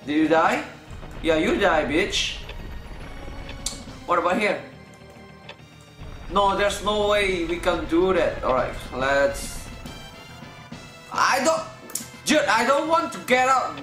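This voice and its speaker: A man hosting a let's play, excitable and swearing constantly, with loud panicked outbursts. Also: high-pitched. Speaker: gaming channel host. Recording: roomy room sound with faint game music. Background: faint game music.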